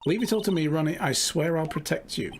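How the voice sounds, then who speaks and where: A man's voice: fairly high pitch, brisk, slight background noise, pitched above the performer's own voice, close to an everyday voice. A man voicing a sweet-talking young wife, cooing and sugary as she vows to protect her husband.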